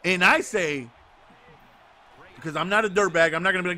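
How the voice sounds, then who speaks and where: Animated high-voiced man telling stories. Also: a little fast. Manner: excitable, acts out quotes, sarcastic. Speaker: podcast co-host. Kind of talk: casual chat, animated storytelling.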